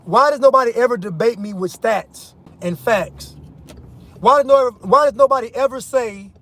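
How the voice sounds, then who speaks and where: A man's voice: very high voice, normal speed, a bit bright. An American man giving an opinion monologue to his viewers from inside a car while driving, emphatic, repeating his points and calling his audience "y'all". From United States. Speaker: vlogger.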